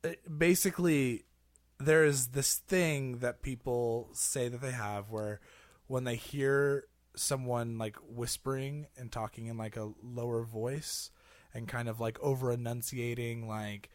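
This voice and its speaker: A man's voice: medium pitch, steady tone, a little slow, no echo. A man hosting a gaming podcast in casual chat, rambling with lots of fillers and laughing often. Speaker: podcast host.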